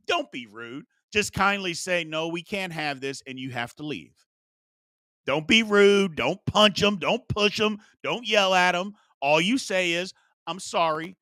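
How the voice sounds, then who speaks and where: A man's voice: high-pitched, no room sound, studio quality. A man hosting a live show, counting down a list, repeating lines for emphasis and scolding viewers playfully. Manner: animated, repeats phrases for emphasis, addresses viewers as "people". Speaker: sports talk show host.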